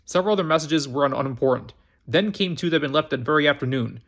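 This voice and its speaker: Halting, high-voiced man reading a novel. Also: lively intonation, a bit bright. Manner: halting, frequent restarts and repeated phrases. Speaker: storytime channel reader. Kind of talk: amateur book reading.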